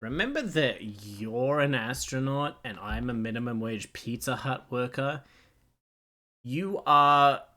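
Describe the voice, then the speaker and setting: A man's voice: medium pitch, sharp tone. Sarcastic, laughing male streamer. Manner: sarcastic, joking, swears, laughs often. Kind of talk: casual live game commentary.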